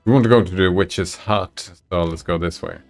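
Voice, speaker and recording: A man with a fairly low voice reads a fantasy text adventure aloud on his stream. He moves easily between the story's narration and relaxed chat with the viewers in the chat. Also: moderate pace, vocal fry, soft background music.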